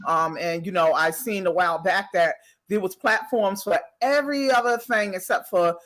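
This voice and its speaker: A woman from New York with a New York accent, a podcast co-host talking in a casual interview, direct and blunt and quick to laugh. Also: mid-range voice, a bit bright.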